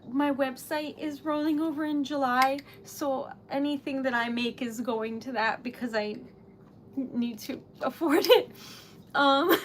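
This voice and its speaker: High-voiced flustered woman. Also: slight background noise. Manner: flustered, rambling, giggly. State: teary. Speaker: livestream host. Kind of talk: casual livestream chat while crafting.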